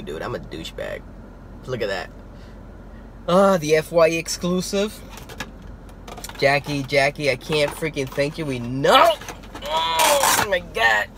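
A young man chats to his camera from inside a car, his voice rising and falling in lively swings. He gets excited easily, swears, laughs and slips in Spanish words. Clear car and road noise runs under everything he says. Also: on the high side. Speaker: toy collecting vlogger. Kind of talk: casual vlog. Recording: noisy car interior.

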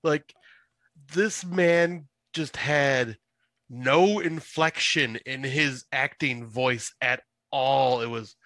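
A man who is a guest on a podcast, chatting casually about a film, agreeable and quick to chime in. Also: mid-range voice, fairly bright tone, dry recording. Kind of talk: casual chat reviewing a film.

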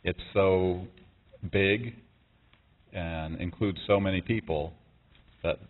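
A middle-aged man making a statement at a press conference, speaking haltingly with many pauses and restarts. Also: low-pitched. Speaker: father making a public statement. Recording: tinny, phone-like sound.

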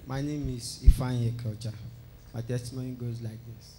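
A man giving an animated testimony at a church service, acting out the conversations he describes. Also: medium pitch, fairly quick, background noise. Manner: excited, tells the story by acting out dialogue.

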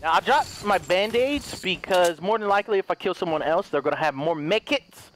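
A man commentating his own gameplay, muttering to himself, then bursting into loud shouts and giggles, and swearing often. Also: animated, fairly quick, slight background noise. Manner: high-pitched giggling laughs. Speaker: gaming commentator.

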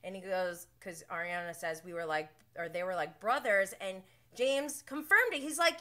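A young adult woman hosting a casual recap show, telling the story with animated quoted voices. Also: measured pace. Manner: animated storytelling, acts out quotes with big pitch jumps. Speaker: podcast host.

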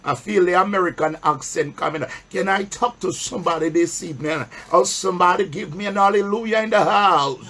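A man's voice: high voice, fairly bright tone. A male bishop preaching a sermon, drawing call-and-response from the congregation and reading scripture with emphasis. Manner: reads scripture slowly and emphatically.

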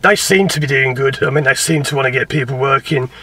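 A man's voice: medium pitch, fast, pushed and bright, slightly rough, recorded from a distance. A man, a driving instructor, answering viewer questions in a rambling, chatty, self-deprecating way, with an English accent between posh southern and Birmingham. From England. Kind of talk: casual Q&A to camera.

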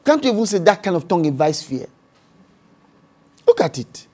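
A man's voice: high voice, very animated, normal speed, darkish tone. A man with a Nigerian accent, a pastor preaching a sermon and acting out voices and speaking in tongues.

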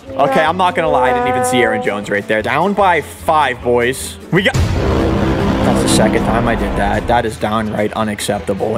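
A man giving live commentary over his own football video game play, excitable, swinging from muttered asides to sudden shouts. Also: on the high side. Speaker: gaming YouTuber.

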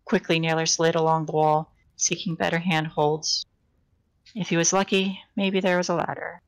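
Low, gravelly woman reading a novel aloud. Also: level tone, moderate pace, rough recording. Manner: unpolished live reading with frequent restarts and self-corrections. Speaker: reader.

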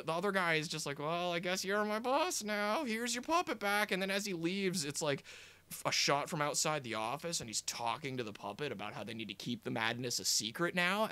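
A young man ranting casually about a film he reviews, animated and exasperated, swearing often and full of fillers. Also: a little high, no echo. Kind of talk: casual movie-review rant.

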